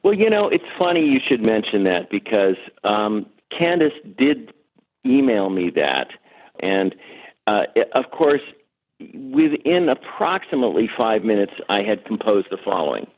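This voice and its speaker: A man, a composer, talking in a relaxed and wry way as an interview guest. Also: on the low side, a little slow. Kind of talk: casual interview, sings a jingle with guitar. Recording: phone-like remote line.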